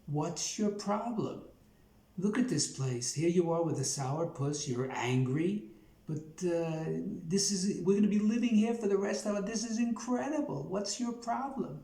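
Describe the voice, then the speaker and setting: A man's voice: high-pitched, animated, unhurried, dark tone, pitched above the performer's own voice. An older man with a Brooklyn accent voicing an exasperated elderly wife who scolds her husband in a joke. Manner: scolding, incredulous. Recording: roomy echo.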